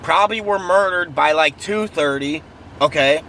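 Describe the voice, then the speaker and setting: A man's voice: on the high side, normal speed, sharp tone. A man in an angry, profane true-crime rant, heated and repetitive, recorded outdoors near traffic. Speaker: vlogger.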